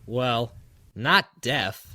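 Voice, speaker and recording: A man's voice: medium pitch, lively intonation, extremely slow, pushed and bright, no room sound. A man co-hosting a comedy talk-show sketch, dry and exasperated with his guest. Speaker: co-host.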